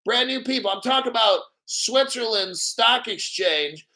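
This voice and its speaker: A male crypto livestream host with a high, bright voice who talks in a hyped, profane rush. He stops often to clear his throat. His delivery is excitable and pushy. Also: unhurried, poor audio. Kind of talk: live-stream commentary.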